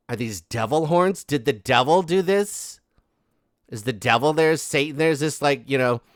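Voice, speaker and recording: A man's voice: mid-range voice, dry recording, studio quality. A man giving casual gossip commentary, rambling and sarcastic with many fillers and asides. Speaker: commentary host.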